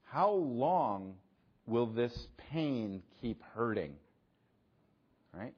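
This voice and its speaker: A man preaching a sermon, asking rhetorical questions and swinging between loud emphasis and hushed, quiet lines. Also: mid-range voice, big pitch swings, drawn-out words, slightly rough, highs cut off. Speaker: pastor.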